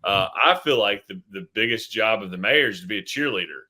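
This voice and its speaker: Mayor guy being interviewed, real bright voice, lots of ums and restarts, kinda low pitched. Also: animated, brisk. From Tennessee. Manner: earnest, many fillers and restarts. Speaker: city mayor, guest. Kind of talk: casual interview answers.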